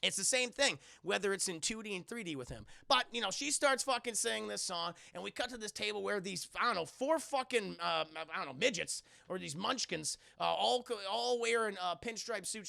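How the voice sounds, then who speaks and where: A man's voice: high voice, animated, brisk, vocal fry, hardly any pauses, bright, forceful tone, no room sound. A man reviewing a cartoon on a live stream, swearing a lot and rambling as he talks straight to his chat. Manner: profane, rambling, keeps addressing chat. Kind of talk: casual live-stream commentary.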